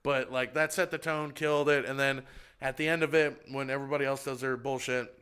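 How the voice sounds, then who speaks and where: A man with a Texan accent, a comedian telling an animated story on a podcast and acting out other people's lines. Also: fairly quick, clear, resonant tone. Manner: animated, acts out other people's lines with big pitch jumps. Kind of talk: casual storytelling chat.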